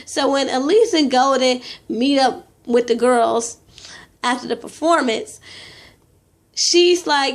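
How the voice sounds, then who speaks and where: A young woman with a high voice talks through a reality TV episode in a loose, gossipy way. She is opinionated and chatty, filling her sentences with "you know" and casual slang. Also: slow pace. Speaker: reality TV recap vlogger.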